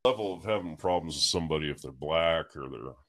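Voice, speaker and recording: A man's voice: a bass voice, expressive, fast talker, a bit bright. A man in casual podcast chat who laughs often and chimes in with short reactions. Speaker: podcast co-host.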